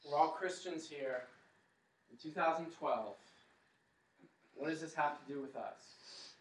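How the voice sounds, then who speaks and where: In an echoey church hall, with the mic set at a distance, a preacher speaks slowly in a fairly high voice. He dramatizes the story for his congregation and leads them in a chant.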